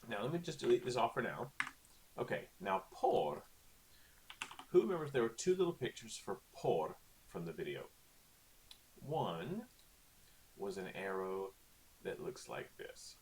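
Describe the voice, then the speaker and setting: A man's voice: medium pitch, sing-song, unhurried, pauses often, a little mellow, a little hiss or hum. A male teacher talking casually through a recorded online lesson, with lots of okays and ums. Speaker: Spanish teacher.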